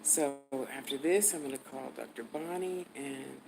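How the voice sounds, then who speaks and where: A woman's voice: rumbling low, normal speed, creaky, noisy background. A woman in her sixties telling a story bluntly, swearing freely and dropping to mutters for asides. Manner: blunt, cursing, animated storyteller. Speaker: vlogger. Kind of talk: profane storytelling.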